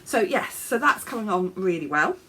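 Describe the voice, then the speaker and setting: An English woman hosts a knitting podcast from her home office, chatting casually in show-and-tell style with fillers and small laughs, sounding a bit snuffly and coughing. Her mid-range voice is sing-song, bright, and forceful, at a moderate pace, with slight background noise.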